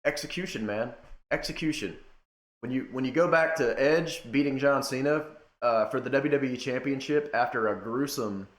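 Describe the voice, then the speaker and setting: A young man giving a casual rant to camera, emphatic, swinging between loud outbursts and low muttering. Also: moderate pace, reverberant. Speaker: wrestling commentator.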